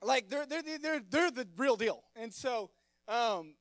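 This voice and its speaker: High-voiced young preacher. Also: male voice, lively intonation, slow, fairly bright tone, no room sound. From Texas. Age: 20s. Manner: stammering, repeats words, friendly and joking. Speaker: youth pastor. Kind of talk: sermon with casual storytelling. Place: church. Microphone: stage microphone.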